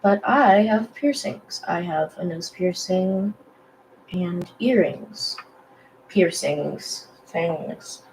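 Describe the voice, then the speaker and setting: A young woman chatting casually while she draws, rambling with lots of fillers and self-deprecating asides, in a low morning voice. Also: expressive, slow pace, a little mellow, a little hiss or hum, rough recording. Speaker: digital artist vlogger. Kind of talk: casual chat while drawing.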